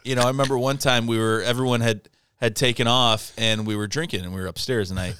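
A man's voice: mid-range voice, steady tone, fast talker, a bit bright, a little hiss or hum. A man in casual podcast banter, telling a story and acting out his friends' lines. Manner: storytelling, acts out friends' lines in put-on voices.

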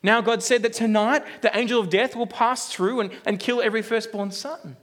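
A man's voice: very high-pitched, steady tone, moderate pace, a bit bright. A man voicing an anxious father who keeps asking fretful, pleading questions. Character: jumpy anxious father on a dangerous night.

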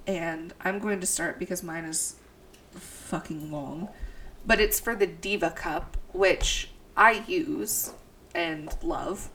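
Stuffy-nosed young woman podcast host, slightly low voice, laughs through her reading, faint hiss behind. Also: takes it slowly, fairly bright tone. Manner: laughs while reading, swears freely. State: stuffy nose from allergies. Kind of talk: casual podcast chat. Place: house.

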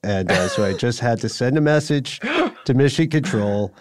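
A man's voice: medium pitch, lively intonation, moderate pace, a little mellow, no echo, clean studio sound. A man co-hosting a podcast in casual chat, wry and rambling, thinking aloud with fillers. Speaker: podcast co-host.

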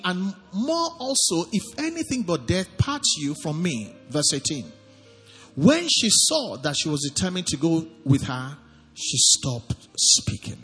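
A man pastor preaching a lively sermon, his voice high and swinging widely in pitch. He reads scripture aloud and calls out to the congregation for responses. The hall rings with long reverb over soft background music. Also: a little slow.

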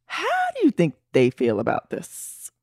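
A woman's voice: rumbling low, wildly swooping pitch, unhurried, creaky, a little mellow, no echo, clean studio sound. A woman co-hosting a casual gossip chat, rambling with lots of fillers. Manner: rambling, filler-heavy, giggly.

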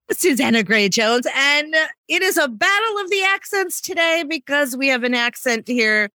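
An American woman hosting a podcast, bubbly and quick with her friendly patter. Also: high voice, sharp tone, no room sound. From United States. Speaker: podcast host, sales trainer. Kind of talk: casual podcast chat.

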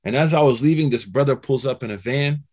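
A man telling a personal story in a talk to a Muslim audience, chatty and animated, full of "you know" and "man". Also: medium pitch, fast, breathy edge, lo-fi sound. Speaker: Muslim speaker giving a talk.

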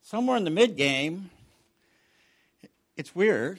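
A middle-aged man preaching a sermon, swinging from loud bursts down to hushed near-whispers. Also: fairly high pitch, sing-song, normal speed, long pauses. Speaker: pastor.

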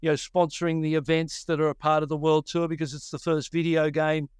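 Aussie guy in his 50s, smooth voice, dry close mic, tells stories with lots of energy. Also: on the high side, brisk, no room sound. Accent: Australian. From Australia. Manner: animated, acts out his own past thoughts. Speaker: guest, surf commentator. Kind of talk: casual interview storytelling.

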